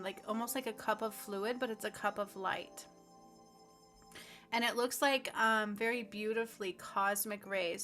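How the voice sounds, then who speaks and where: A woman guides a spiritual healing session in a bright, clear voice that rides over faint music. She talks slowly and earnestly and voices affirmations aloud as if she feels them herself. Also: medium pitch. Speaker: spiritual healer.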